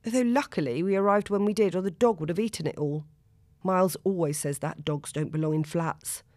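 A woman's voice: fairly low pitch, fairly quick, a little mellow, no room sound, natural voice. A woman reading aloud and voicing a prim, judgmental young mother. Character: snobbish, fussy young mother.

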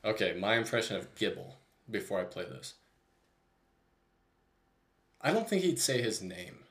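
A man's voice: fairly low pitch, very animated, measured pace. Giggly young man co-hosting a chat show. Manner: giggly and playful. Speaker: podcast co-host. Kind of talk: casual chat.

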